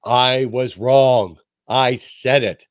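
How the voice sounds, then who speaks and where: A man's voice: mid-range voice, drawn-out words, clean tone, no room sound, clean studio sound. An older man hosting a podcast, telling stories in a casual, self-deprecating chat. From New York. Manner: storytelling, animated and self-deprecating. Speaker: podcast host.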